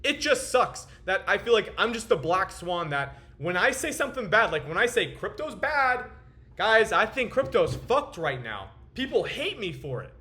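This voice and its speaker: A man's voice: sits high, sing-song, normal speed, hardly any pauses, bright, forceful tone. A young man hosting his own crypto trading channel, ranting to camera in profane, boastful market commentary with a frustrated edge. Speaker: crypto trader and video host.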